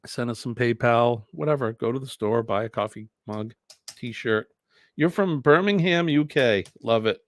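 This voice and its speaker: A man's voice: medium pitch, normal speed, no echo, clean studio sound. A man from New Hampshire with a New England accent, hosting a live show in a jokey, chatty way and laughing often. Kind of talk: casual live-stream chat.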